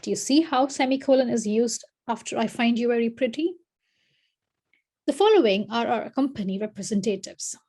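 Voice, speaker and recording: A woman's voice: on the high side, animated, normal speed, a little mellow, breathy edge. A woman narrating a scripted grammar lesson as a teacher, reading example sentences aloud with lifted, emphatic delivery.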